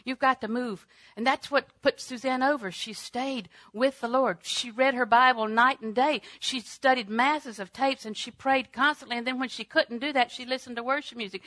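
A woman preaching a sermon, swinging from loud, emphatic declarations to hushed, near-whispered lines, repeating phrases for emphasis. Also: fairly high pitch, moderate pace, dry recording.

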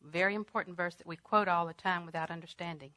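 With a fairly low, steady voice and a fast delivery, a woman preaches, shifting from loud, emphatic lines to quiet near-whispers and repeating phrases for weight. There's no room sound.

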